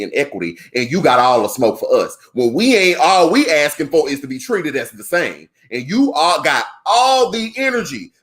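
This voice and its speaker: A man with a Southern African American accent talks through the news as a podcast co-host. He is animated and conversational, with slangy asides. His voice sits at an ordinary middle pitch. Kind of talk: casual political commentary.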